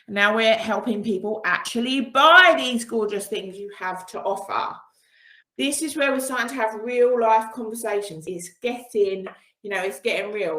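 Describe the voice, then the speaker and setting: Woman, business coach on a video call, mid pitch, cheerful and encouraging, echoey room. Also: bright, forceful tone. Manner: upbeat and encouraging, laughs often. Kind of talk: online training session. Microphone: video call with screen sharing.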